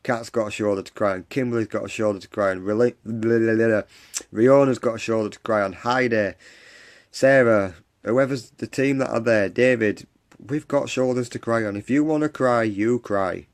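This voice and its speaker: A man's voice: lowish voice, normal speed. A man hosting a live stream, giving an earnest, repetitive pep talk and answering viewers' comments. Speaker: live stream host for a support group. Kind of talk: encouraging livestream talk. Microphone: phone or webcam on a live stream.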